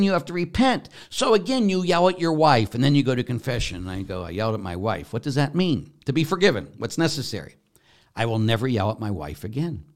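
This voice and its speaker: A man who is a Catholic priest, answering a viewer's question in an emphatic, preachy way and repeating his key points. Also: on the low side.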